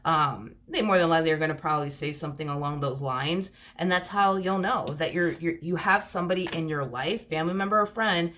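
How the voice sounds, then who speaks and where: A woman with a notably low-pitched voice talks through a tarot reading in a loose, conversational way. She rambles, circles back on her points and leans on fillers as she goes. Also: a little fast, hardly any pauses, a bit bright, slight background noise. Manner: chatty, rambling, many fillers and "you know". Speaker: tarot reader. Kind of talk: casual tarot reading monologue.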